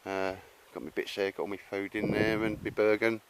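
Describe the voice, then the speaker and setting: A man's voice: lowish voice, little pitch movement, a little fast, noisy background. Older man chatting at camp. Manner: matey, laughing, rambling with fillers. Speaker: vlogger. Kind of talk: casual chat. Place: campsite outdoors.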